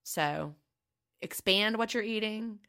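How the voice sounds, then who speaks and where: Bright, earnest middle-aged woman podcaster. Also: mid-range voice, slow. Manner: earnest, reassuring, personal. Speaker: podcast co-host. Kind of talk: casual podcast chat.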